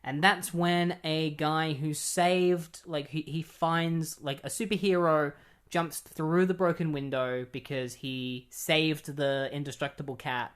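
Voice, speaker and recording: A man's voice: fairly high pitch, fairly even intonation, slow pace, a bit bright, clear, resonant tone. A man casually retelling a comic story in a rambling, incredulous way, full of filler words. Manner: incredulous, keeps insisting he is not kidding. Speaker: comic book reviewer.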